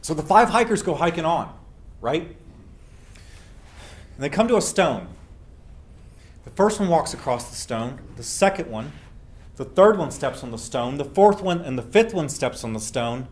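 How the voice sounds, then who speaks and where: A man's voice: fairly high pitch, big pitch swings. Earnest man giving a welcome speech. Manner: earnest, emphatic, slowing for effect. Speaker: welcome speaker. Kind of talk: public storytelling speech.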